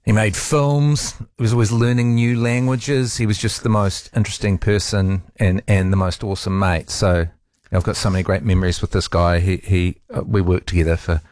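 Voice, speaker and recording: A man in his forties, a radio talk host, giving a heartfelt tribute in a halting way with restarts and pauses. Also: on the low side, little pitch movement, darkish tone, dry recording, studio quality.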